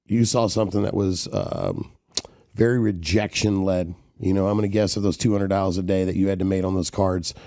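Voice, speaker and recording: Guy hosting a podcast, low dark voice, swears a lot, motivational rant straight at the audience. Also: animated, brisk, gravelly, dry recording, clean studio sound. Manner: blunt, profane, speaks straight to listeners. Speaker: podcast host. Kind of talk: motivational interview talk.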